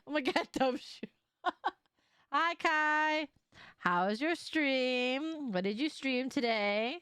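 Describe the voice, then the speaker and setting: Lively, laughing woman streamer. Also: high voice, slow pace, long pauses, clean tone, no room sound, studio quality, faint music behind. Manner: animated, laughs often, swears casually. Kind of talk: casual live game stream chat.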